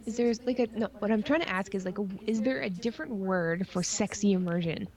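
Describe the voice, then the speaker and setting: A woman's voice: mid-range voice, fairly quick, darkish tone. Rambling, playful young woman co-host. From Ontario, Canada. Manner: rambling, lots of likes and ums, playful. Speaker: podcast co-host. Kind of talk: casual chat.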